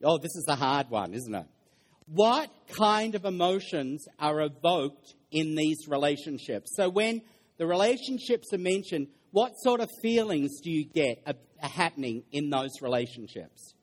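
A middle-aged male pastor giving a lively sermon in a church hall, joking and putting questions to the congregation. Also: on the high side, moderate pace. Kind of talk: interactive sermon.

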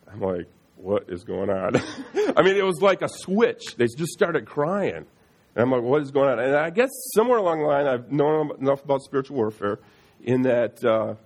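A middle-aged man sharing a personal faith testimony in an earnest, halting way, often restarting and repeating words. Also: medium pitch, creaky.

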